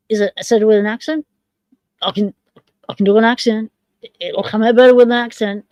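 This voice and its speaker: A woman's voice: fairly high pitch, a little mellow, no room sound. A woman with an Australian accent, hosting a casual livestream chat in a rambling, jokey way. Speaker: livestream host.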